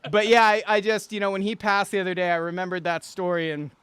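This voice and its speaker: High, bright-voiced man telling a story. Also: little pitch movement, fast talker, clean tone, dry recording. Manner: swears freely, acts out quotes, laughs while telling. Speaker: guest storyteller, singer and producer. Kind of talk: animated anecdote telling.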